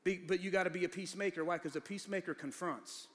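A pastor preaching a sermon, talking conversationally and then building to shouted fervor. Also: male voice, high voice, fairly even intonation, fast talker. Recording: long hall reverb.

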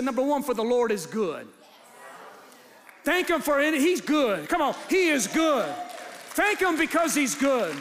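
A pastor preaching a sermon, moving from quiet teaching to shouted, rhythmic preaching before his congregation. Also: very high-pitched. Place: large church hall with congregation. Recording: long hall reverb, faint crowd.

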